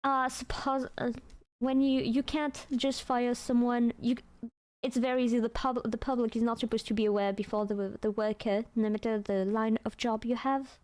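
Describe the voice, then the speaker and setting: A woman content creator making a public apology, hesitant and halting, saying sorry again and again. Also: on the high side, little pitch movement, darkish tone, clear, resonant tone. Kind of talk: apologetic stream statement.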